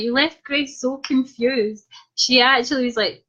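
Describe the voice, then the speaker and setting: A young Scottish woman tells her viewers a cheeky story in a relaxed, casual way. Her voice sits fairly high, and she keeps breaking into giggles. The sound is dull and lo-fi. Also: a little slow. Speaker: vlogger.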